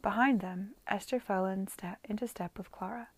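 A woman's voice: medium pitch, normal speed, breathy edge, no room sound. A woman reading a novel aloud to friends, casually, often stumbling over words and correcting herself. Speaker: reader.

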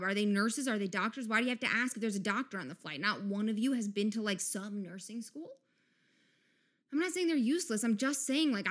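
A woman hosting a podcast, ranting in a casual, sarcastic comic monologue, swinging between loud outbursts and muttered asides. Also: a little high. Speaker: podcast host.

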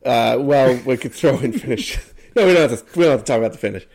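A man's voice: mid-range voice, expressive, quick pace, a little mellow. A man with an American Midwest accent, co-hosting a podcast in casual, rambling, joking chat. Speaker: podcast co-host.

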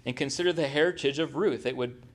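A man's voice: mid-range voice, quick pace. A middle-aged man preaching a sermon in a conversational way, asking the congregation questions. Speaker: pastor.

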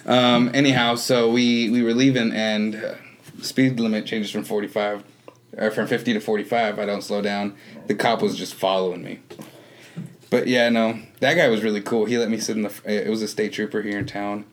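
A man's voice: lowish voice, little pitch movement, normal speed, a little hiss or hum. A man telling stories in a casual podcast chat, laid-back and profane. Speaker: comedian guest.

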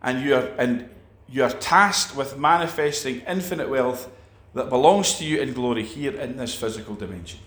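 A man's voice: mid-range voice, normal speed, few pauses, fairly bright tone, reverberant. A man preaching a sermon, emphatic, with repeated phrases and restarts.

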